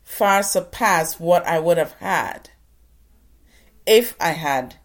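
A woman for whom English is a second language, telling her own story slowly and deliberately, pausing between phrases. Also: fairly low pitch, lively intonation. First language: not English. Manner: slow and deliberate, with pauses. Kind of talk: reflective personal storytelling.

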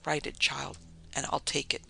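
A man's voice: moderate pace, pushed and bright. A man voicing a wry, matter-of-fact old village woman in a storybook reading.

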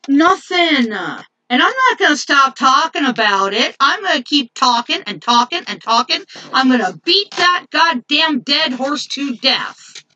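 Woman, angry venting monologue, profane and repetitive, high bright voice, dull distant lo-fi recording. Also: no echo. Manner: profane, emphatic.

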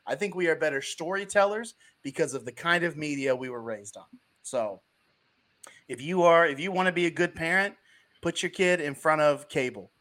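A young adult man hosting a casual sports podcast over a video call, riffing in an animated way. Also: fairly high pitch. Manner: animated, riffing, quick asides. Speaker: podcast host.

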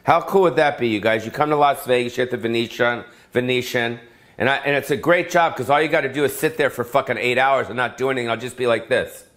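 Casting: a loose, foul-mouthed male comic, rambling rant, mid-pitched. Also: fast talker, fairly bright tone. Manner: rambling, profane, repetitive. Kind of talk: profane comedic rant. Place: Las Vegas.

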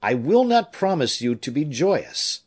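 A man's voice: on the high side, very animated, a little slow, pitched above the performer's own voice. A man voicing an earnest young nobleman. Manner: fervent, emotional pleading.

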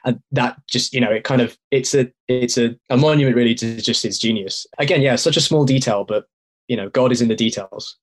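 A man's voice: mid-range voice, fairly quick. A man from England, a guest in a casual podcast chat, speaking in an admiring, thoughtful way with some hesitation.

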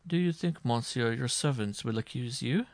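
A man reading aloud and voicing a stern judge who speaks quietly, with measured, ominous calm. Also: mid-range voice, no echo, close to an everyday voice.

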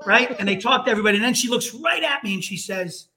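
A man's voice: high voice, expressive, quick pace, few pauses, pushed and bright. A middle-aged man, a retired fire lieutenant telling stories in casual, profane chat and acting out the voices.

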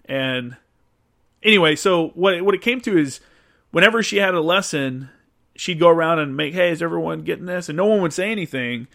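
A man's voice: fairly high pitch, lively intonation, normal speed, sharp tone. Male host, casual and profane storyteller, loose delivery full of restarts. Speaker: podcast host answering listener questions.

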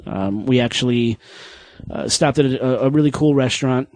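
A man's voice: medium pitch, moderate pace, darkish tone, no echo. Man, podcast host, storytelling, dry close sound. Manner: storytelling, acts out quoted people. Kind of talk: casual group podcast chat.

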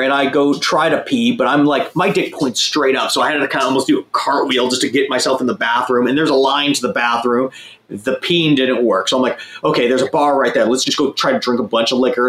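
A man's voice: mid-range voice, a little fast, a bit bright. Crude, rambling young man in an echoey room. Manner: profane, rambling, self-mocking. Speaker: guest telling a story. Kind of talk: crude casual storytelling.

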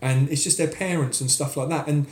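A British man in his forties, telling stories in a casual, animated chat and often restarting his sentences. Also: a little high, a little fast. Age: 40s. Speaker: podcast guest, cosplayer. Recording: roomy echo.

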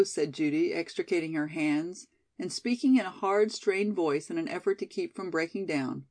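A woman's voice: fairly low pitch, normal speed, a little mellow. A woman reading a novel aloud as narrator, lifting her voice for the quoted lines. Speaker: audiobook narrator.

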